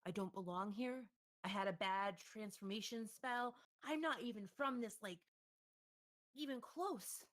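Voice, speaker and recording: A woman voicing a nervous man just freed from an owl curse, pleading in earnest, halting lines. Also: high-pitched, a bit bright.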